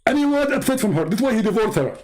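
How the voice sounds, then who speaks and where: A man's voice: high voice, sing-song, fast talker, darkish tone, pitched above the performer's own voice, poor audio. A man doing a smug, pompous preacher impression. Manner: pompous, condescending, talks in a mock accent.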